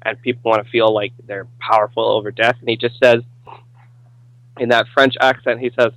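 A man's voice: medium pitch, fairly even intonation, normal speed, fairly bright tone, dry recording, low-quality recording. A young man chats about films on a podcast with friends. He rambles, swears casually and laughs easily. His voice sits close and dry. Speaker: podcast co-host. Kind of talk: casual movie discussion.

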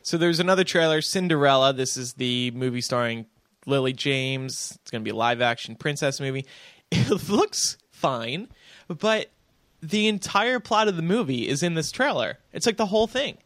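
A man's voice: fairly high pitch, expressive, moderate pace, fairly bright tone, no echo. A man hosting a casual movie chat, talking in a chatty way with frequent restarts. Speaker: podcast host.

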